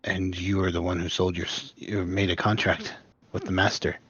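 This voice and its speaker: A man's voice: low-pitched, little pitch movement, normal speed, a bit bright, breathy edge, no echo, dull audio. A man voicing a sly, pushy imp messenger for his devilish master, speaking brusquely and making demands.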